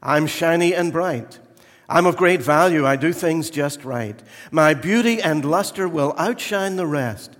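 A man's voice: fairly high pitch, expressive, measured pace, pitched above the performer's own voice. A man voicing a proud, showy gold vessel in a poem read aloud from the pulpit. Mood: boastful. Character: boastful shiny gold vessel begging to be chosen. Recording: echoey church hall.

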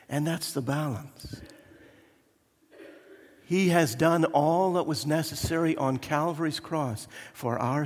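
Slow, earnest preacher in an echoey church. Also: male voice, medium pitch, a little mellow. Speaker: pastor. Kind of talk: sermon.

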